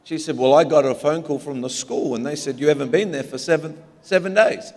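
A man's voice: fairly high pitch, fairly quick, darkish tone. A man with an Australian accent, a pastor preaching a humorous, story-filled sermon in a large church. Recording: long hall reverb.

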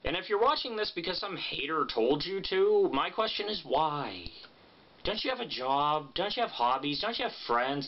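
A man talks in a casual vlog, animated, joking and bluntly profane. His voice sits a little high and moves a lot in pitch. The recording sounds muffled and lo-fi. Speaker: vlogger.

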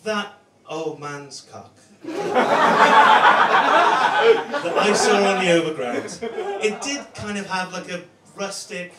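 A man performing a stand-up comedy set on a club stage, with a deadpan, self-mocking delivery full of swearing. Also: sits high, measured pace. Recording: echoey room, distant mic, loud crowd noise.

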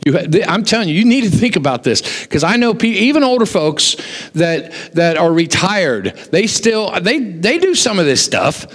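A pastor preaching a sermon, telling stories and acting out the voices of the people in them. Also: male voice, high-pitched, moderate pace. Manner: animated storyteller, acts out quoted voices. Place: church sanctuary. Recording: long hall reverb in a church.

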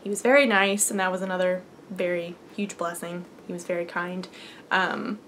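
A woman's voice: on the low side, fairly even intonation, normal speed, fairly bright tone, slight background noise. A young adult woman hosting a knitting podcast, telling a long personal story in a rambly, earnest way with many fillers. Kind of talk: casual storytelling.

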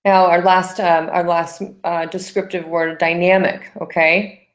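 A woman's voice: on the low side, little pitch movement, measured pace. A woman teaching a dance class, explaining terms with frequent "okay?" checks and counting out rhythms aloud. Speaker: dance instructor. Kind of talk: classroom lecture.

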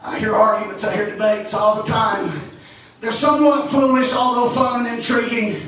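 A Texan man preaching a fiery sermon, swinging between shouts and low asides and stumbling over restarts. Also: level tone, normal speed, faint music behind. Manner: shouting, rising and falling, stammered restarts. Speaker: pastor. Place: large church sanctuary. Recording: echoey, distant hall mic.

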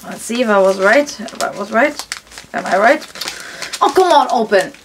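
A woman's voice: fairly high pitch, expressive, moderate pace, a little hiss or hum. A young woman vlogger talking casually as she opens presents, chatty and gushing. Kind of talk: casual unboxing vlog.

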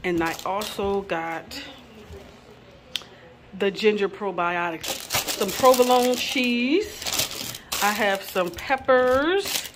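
A woman's voice: medium pitch, slow pace, pauses often, background noise. Easygoing chatty mom vlogger, woman. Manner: easygoing, talks straight to viewers with y'all and um. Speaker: vlogger, mother of two. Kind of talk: casual chatty vlog. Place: at home.

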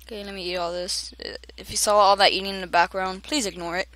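A young woman giving excited gameplay commentary, often shouting at other players and laughing. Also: mid-range voice, quick pace. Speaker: gamer.

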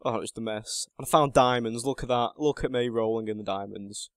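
A man's voice: medium pitch, fairly quick, dry recording. A man in his late teens giving casual, self-mocking commentary while playing a game, muttering to himself between remarks. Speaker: gaming channel host.

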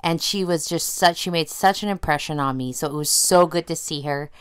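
A Canadian woman co-hosts a podcast, rambling through casual chat and laughing easily. Her voice sits low and smooth, and she speaks fairly quickly.

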